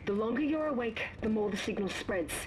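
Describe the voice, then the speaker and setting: Brief: actress as an Australian woman on comms, urgent and steady, with game noise behind her. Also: a little high, fairly quick, close to an everyday voice. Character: calm woman guiding over comms.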